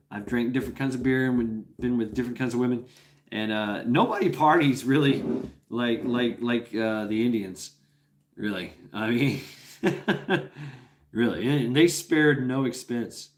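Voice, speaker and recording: A man hosting a casual livestream, telling a rambling, profane story with many restarts and chuckles. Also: mid-range voice. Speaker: livestream host.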